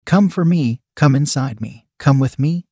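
A man's voice: mid-range voice, measured pace, warm tone, breathy edge, no room sound, studio quality. A man voicing a commanding dominant woman lover who teases and speaks sternly in an audio story. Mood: urgent. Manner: teasing, stern.

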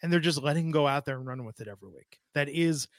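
A man's voice: fairly high pitch, expressive, fast, no echo. A man co-hosting a wrestling podcast, chatting casually with a dry, sardonic delivery. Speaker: podcast co-host.

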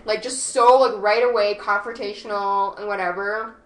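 Animated young woman telling a story. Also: mid-range voice, moderate pace. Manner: animated, heavy use of "like", swearing freely. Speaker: podcast guest. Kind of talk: casual storytelling chat. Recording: echoey room with faint noise.

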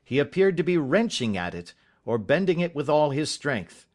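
A man narrating a first-person audiobook in a measured, dramatic storytelling manner. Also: on the high side, very animated, darkish tone.

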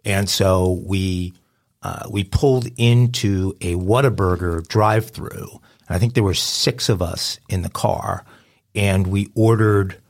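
A man, co-hosting a podcast and telling a rambling, self-amused story in casual chat. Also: low-pitched. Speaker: podcast co-host.

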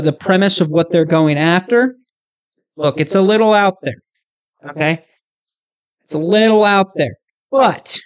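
A man hosting his own podcast, chatting casually and with animation, often checking in with the listener. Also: fairly high pitch. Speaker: podcast host. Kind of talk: casual solo podcast chat.

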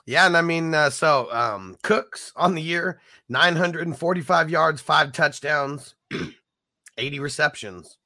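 A man's voice: a little high, takes it slowly, pushed and bright, dry recording. A man hosting a casual fantasy football show, chatty and full of stats and fillers. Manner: chatty, stat-heavy, filler-laden. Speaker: fantasy football podcast host. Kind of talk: casual sports chat.

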